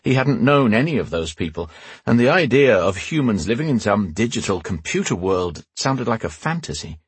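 A man narrating a fantasy audiobook in a measured, expressive way, close to the mic. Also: on the low side, breathy edge, no echo. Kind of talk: scripted narration.

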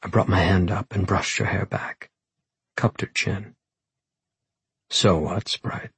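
A man reads a first-person novel aloud with a low, intimate delivery. His voice is gravelly and very husky, and the recording is dry and close with no room sound. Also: level tone, a little slow, dry recording. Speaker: audiobook narrator.

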